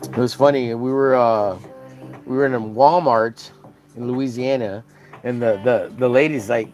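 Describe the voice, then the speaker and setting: A man's voice: medium pitch, normal speed. A man from Texas streaming while he draws, chatting casually and rambling through stories with many fillers. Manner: rambling, filler-heavy storytelling. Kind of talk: casual chat while drawing live.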